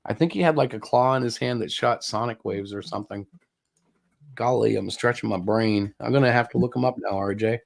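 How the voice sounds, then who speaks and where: A man's voice: on the low side, brisk, creaky, dry recording. A man in his fifties co-hosting a casual livestream, rambling and poking fun at himself. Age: 50s. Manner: rambling, self-mocking, joking. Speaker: comic creator and co-host.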